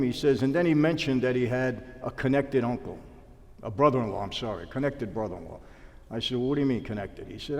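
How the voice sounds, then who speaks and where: A man tells a story in a sit-down interview and acts out each side of the conversation. His voice sits at an ordinary middle pitch. A long reverb trails after his words. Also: fast. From New York. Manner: animated storyteller acting out dialogue. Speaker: interview guest, former mobster.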